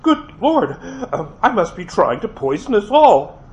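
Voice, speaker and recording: A man's voice: high voice, big pitch swings, a little slow, a little mellow, voice pushed up. A man doing a flustered, pleading mother. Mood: distraught, pleading. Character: distraught mother at a family dinner. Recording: dull lo-fi with faint hiss.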